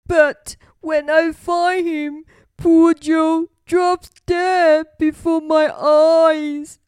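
A woman's voice: very high-pitched, lively intonation, very slow, no room sound, voice pushed up, exaggerated voice. A woman putting on a sobbing grumpy old bear. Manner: moaning, tearful, pleading.

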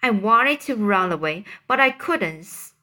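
A woman's voice: mid-range voice, expressive, bright, forceful tone. A woman voicing a frightened man accused of murder, pleading between sobs in a storybook reading. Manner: pleading, halting.

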